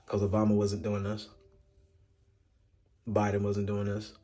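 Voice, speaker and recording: A man with a somewhat low voice talking through the news in a casual way. He is blunt and conversational and drops in the odd filler. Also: completely flat delivery, measured pace, warm tone. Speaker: commentator. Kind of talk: casual commentary.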